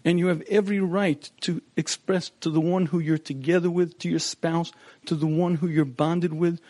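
Man, middle-aged, marriage seminar lecture, slightly high voice, clears throat often, storytelling, dry close sound. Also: steady tone, moderate pace, dark tone, no room sound. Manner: storytelling, acts out quotes. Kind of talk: lecture to couples.

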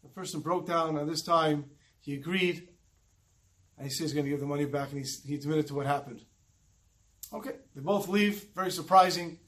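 A man telling a religious folk tale in an animated, dramatic way. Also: a little high, a little fast, long pauses. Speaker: storyteller.

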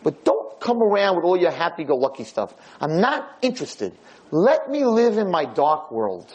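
A man's voice: on the high side, big pitch swings, moderate pace, a little mellow, breathy edge, highs cut off, voice pushed up. A man voicing a miserable, grumpy old blind man who snaps and pushes people away. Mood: bitter. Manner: bitter, snapping, raised voice.

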